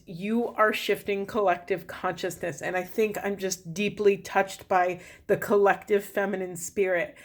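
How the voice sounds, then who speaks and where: Earnest woman doing a spiritual card reading. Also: medium pitch. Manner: earnest and emotional, speaks to spirit. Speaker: tarot reader.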